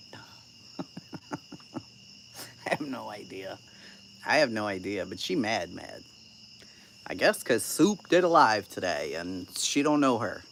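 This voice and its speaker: Casual streamer-host, lively sing-song delivery, swears freely, sarcastic edge, faint crickets in the background. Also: medium pitch, background noise. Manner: blunt, profane, sarcastic. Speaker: channel host reading live chat. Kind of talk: casual live-stream commentary.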